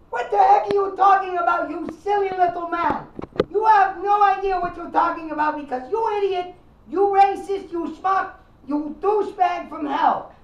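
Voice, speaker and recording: A woman voicing a hot-tempered Italian man who calls a radio show, shouting insults in a mock Italian accent. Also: extremely high pitch, far from the mic, exaggerated voice. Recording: muffled echoey room, away from mic.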